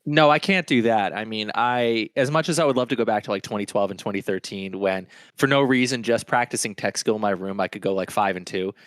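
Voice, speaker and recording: A man's voice: lowish voice, brisk, few pauses, fairly bright tone, no room sound. A man on a panel talk show, telling rambling stories with enthusiasm. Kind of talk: casual panel chat.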